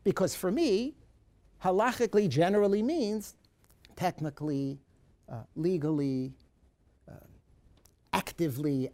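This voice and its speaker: A woman with a lowish voice lectures on a course, swinging her pitch widely as she goes. She hammers key points again and again and acts out a troubled person's questions in the first person, as if speaking as them. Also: mellow. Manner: emphatic, repeats key points.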